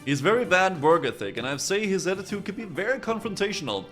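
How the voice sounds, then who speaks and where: A man's voice: sits high, sing-song, quick pace, a bit bright, soft background music, pitched above the performer's own voice. A man voicing a smug, haughty pirate captain in a fantasy game, speaking in a pompous, condescending way.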